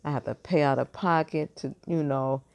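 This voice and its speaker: A woman's voice: deep voice, steady tone, moderate pace, vocal fry, darkish tone. A woman in her fifties chatting casually to her viewers from bed, rambling and thinking aloud with many fillers and restarts. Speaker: vlogger. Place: in bed at home.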